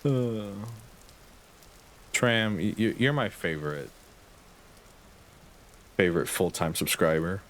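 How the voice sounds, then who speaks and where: A man's voice: low-pitched, animated, slow, pauses often, fairly bright tone, slight background noise. A young man streaming a game, chatting with his viewers in a rambling, sarcastic way and swearing casually. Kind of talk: casual gameplay chat with chat.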